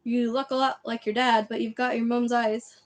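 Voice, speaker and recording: A woman voicing a huge, gruff but kindly male giant in a storybook reading. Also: fairly high pitch, flat delivery, normal speed, a little hiss or hum, close to an everyday voice. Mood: gruff hearty.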